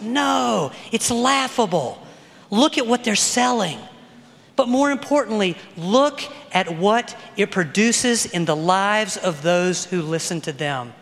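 In a sermon echoing with the long reverb of a large hall, a middle-aged pastor speaks in a notably high, gravelly, fairly bright voice. He is animated and talks to his congregation loosely and conversationally, frequently tossing in quick tag questions.

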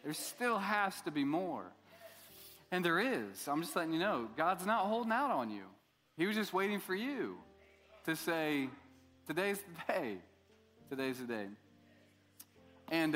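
A man's voice: medium pitch, a bit bright. A middle-aged man preaching a sermon as a pastor, telling his own story in a casual, joking way and acting out the voices of the people in it. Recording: long hall reverb.

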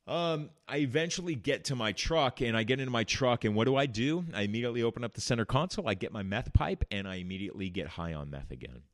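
A podcast host with a low voice candidly tells his own recovery story, blunt and swearing freely. The recording is clean studio sound with no echo.

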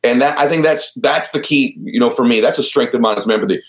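A deep-voiced man in his fifties, an entrepreneur and speaker, talking earnestly and openly about his vulnerabilities in an interview. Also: fast talker. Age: 50s. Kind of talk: candid interview conversation.

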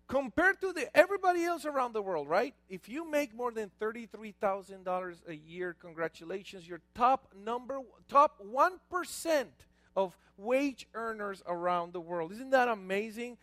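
A man, a pastor, preaching a lively sermon with stories and call-outs to the congregation. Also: very high-pitched, normal speed, dry recording.

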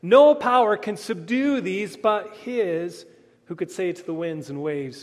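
Male pastor, higher voice, earnest sermon delivery, reverberant sanctuary sound. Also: a little slow. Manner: earnest preaching that swells then drops to a hush.

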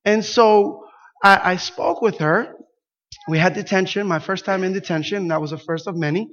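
Pastor, male, Spanish speaker, high voice, animated storyteller, lo-fi recording. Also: normal speed. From Puerto Rico. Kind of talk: sermon with a personal story. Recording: dull lo-fi sound.

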